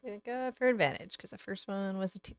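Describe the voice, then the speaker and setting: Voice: mid-range voice, fast talker, clear, resonant tone, dry recording. A player in a tabletop game who talks bluntly, swears often and sounds playfully annoyed. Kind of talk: casual tabletop play.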